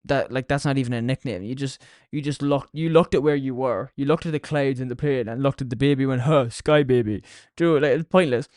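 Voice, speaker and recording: A man's voice: medium pitch, quick pace, few pauses, darkish tone, dry recording, studio quality. A young Irish man hosting a solo podcast, talking casually with plenty of swearing and mockery. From Ireland. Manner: sweary, mocking. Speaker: podcast host.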